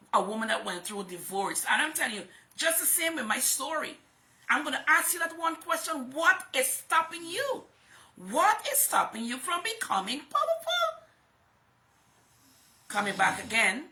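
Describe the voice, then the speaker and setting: Fervent motivational woman with a bright voice. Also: a little high. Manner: fervent, emphatic, repeats phrases for stress. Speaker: host and motivational speaker. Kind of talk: motivational livestream talk.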